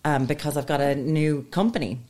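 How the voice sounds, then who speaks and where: A woman's voice: low voice, fairly quick, a little mellow, a little hiss or hum. A woman co-hosting a podcast in casual chat, ranting with swearing and self-mockery. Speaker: podcast co-host.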